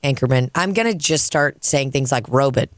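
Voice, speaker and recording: Profane, animated woman telling a story. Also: extremely low pitch, normal speed, no room sound, clean studio sound. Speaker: podcast co-host and comedian. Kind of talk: casual podcast chat and storytelling. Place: dining room.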